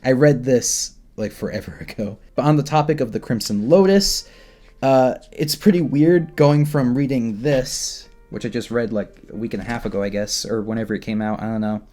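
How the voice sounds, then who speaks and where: A man's voice: mid-range voice, normal speed, mellow. A man giving an informal, rambling comic book review, laughing often and poking fun at himself. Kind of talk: informal discussion to camera.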